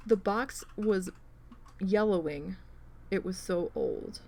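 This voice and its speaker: A woman hosting a craft livestream, casually telling a story with animated swearing while she works. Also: mid-range voice, takes it slowly. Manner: animated, profane, acts out quoted people.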